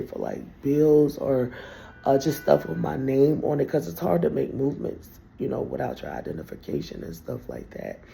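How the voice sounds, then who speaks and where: A woman's voice: rumbling low, creaky, warm tone. A woman telling a rambling, profane story straight to her viewers in a casual monologue.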